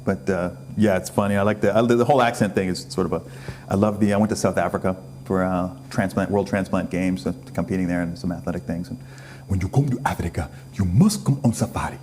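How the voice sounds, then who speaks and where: A man's voice: deep voice, flat delivery, quick pace, a little mellow, slight background noise. A man talking as a guest on a talk show, joking and chatty, with many "uh"s. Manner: joking, talkative, says "uh" a lot. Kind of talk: casual chat.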